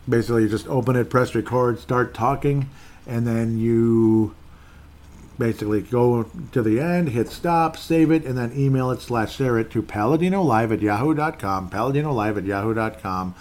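A man's voice: fairly low pitch, darkish tone. A man hosting his own podcast solo, talking in a rambling, conversational way that circles back and repeats itself. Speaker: podcast host. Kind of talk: casual solo podcast talk.

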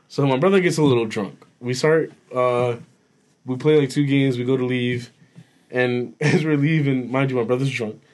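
A man's voice: mid-range voice, a little mellow. A young man casually telling a rowdy story to friends, full of laughter and swearing. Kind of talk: casual chat.

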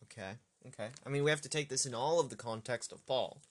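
A man working through a scripture passage aloud as a teacher, thinking out loud, halting and correcting himself. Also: mid-range voice. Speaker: Bible study teacher.

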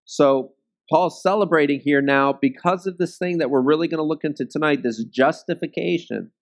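A man's voice: fairly high pitch, normal speed, creaky. A man teaching a Bible study in a conversational way, often checking in with "okay?" and "right?" and joking at his own expense. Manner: self-deprecating humor.

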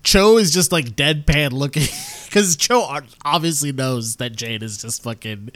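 A man co-hosting a casual TV recap, laughing often and talking in a halting way with many restarts. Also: on the high side, a bit bright, dry recording. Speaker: podcast co-host. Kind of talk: casual TV episode recap chat.

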